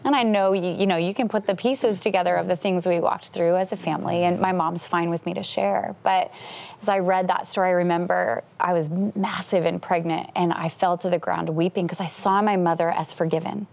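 A woman's voice: lowish voice, steady tone, a little fast, gravelly, a little mellow. A woman in her thirties, a guest pastor and author, telling a personal story in a TV interview, earnest and emotional, laughing often.

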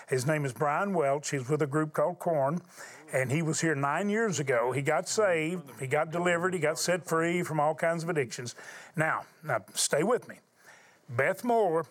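An older man hosting a television talk show, telling stories in a folksy, enthusiastic way. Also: a little high. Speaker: TV host.

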